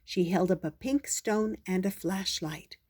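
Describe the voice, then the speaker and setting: An older woman, a grandmother, reading a children's storybook aloud in a slow, gentle way. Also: lowish voice, slightly rough.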